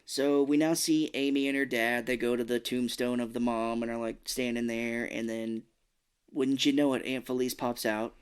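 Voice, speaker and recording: A man talking through a film's story for a podcast, easy and conversational. He keeps popping into short, playful voices for the characters. His pitch sits right in the middle for a man. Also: flat delivery, smooth. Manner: retells plot with quick put-on voices for characters. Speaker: podcast co-host. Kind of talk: casual film recap chat.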